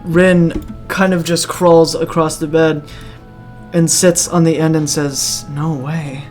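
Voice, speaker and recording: A game master casually narrating a tabletop role-play, pausing and restarting as they go. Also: medium pitch, little pitch movement, darkish tone, soft background music. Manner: casual, with halting fillers and restarts.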